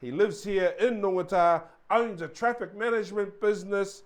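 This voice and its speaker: A man's voice: sits high, normal speed, hardly any pauses. A New Zealand man co-hosting a podcast, introducing the guest and chiming in with short replies. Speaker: podcast co-host. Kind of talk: casual chat.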